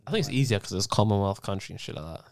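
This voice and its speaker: A young man in casual chat, slangy and quick to agree. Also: lowish voice, animated.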